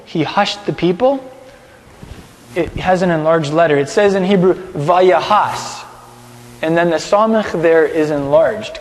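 A man with a high voice teaches a Bible lesson in a casual, lively way. He directs his class and explains scripture. The sound carries a long hall reverb. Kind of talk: sermon with a class skit.

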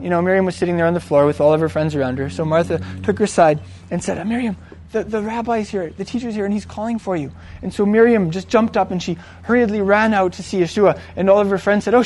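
A man with a high voice retells an old story as if talking to friends. He speaks loosely, full of fillers and restarts, and gives the characters' lines a little voice of their own. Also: a little mellow. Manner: conversational, filler-heavy, acts out quoted lines. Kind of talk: casual retelling of a Bible story.

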